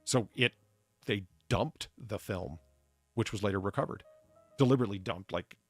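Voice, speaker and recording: A man's voice: on the low side, moderate pace, no echo. A man co-hosting a casual chat show, rambling and profane as he riffs on trivia. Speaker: podcast co-host.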